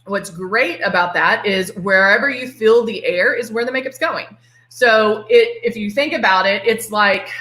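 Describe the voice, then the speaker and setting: A middle-aged Texan woman, a makeup artist, runs a casual live-stream tutorial with a chatty, playful manner, greeting viewers by name. Her medium-pitched voice sounds pushed and bright. The recording picks up an echoey room.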